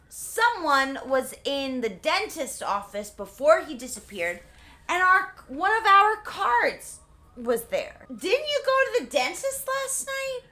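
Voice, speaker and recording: A suspicious old shopkeeper who lays out clues in a sly, mock-innocent way, as a tipsy woman puts him on. The voice is bright and bouncy. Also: high-pitched, exaggerated voice. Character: suspicious older man, shop owner.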